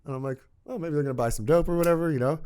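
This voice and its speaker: A man from Canada, a podcast guest, telling a profane, animated story and acting out the voices of the people in it. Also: a little high, racing, clean tone. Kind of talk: casual storytelling.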